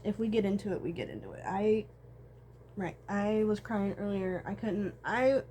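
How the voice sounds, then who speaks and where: A woman's voice: medium pitch, lively intonation, normal speed, dark tone. A young woman talking to camera in a rambling, emotional personal vlog, swearing often and swinging between tears and laughter. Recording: faint background noise.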